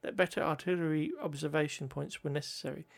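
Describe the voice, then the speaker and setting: A man's voice: on the high side, fairly even intonation, quick pace, gravelly. A man reading history notes aloud, often stumbling over words, correcting himself and adding joking asides.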